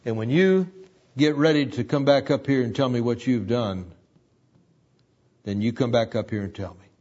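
An older man voicing his stern farmer father, speaking low and slow. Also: darkish tone, highs cut off, natural voice.

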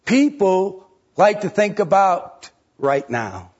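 Middle-aged male pastor, husky, fairly high voice, chatty sermon full of rhetorical questions, dull lo-fi recording. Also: animated, unhurried, darkish tone. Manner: conversational preaching with rhetorical questions, pitch rising sharply for emphasis.

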